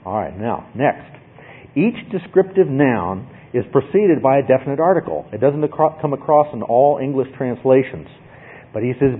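A man's voice: medium pitch, sing-song, moderate pace, husky. Emphatic male Bible teacher, tinny sound. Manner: emphatic, asks "okay?" often. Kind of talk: Bible study lecture.

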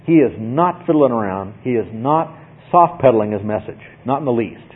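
An emphatic male Bible teacher lecturing with a lively, varied pitch and a husky edge. He keeps checking in with his listeners. The sound is tinny and phone-like. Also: normal speed. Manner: emphatic, asks "okay?" often.

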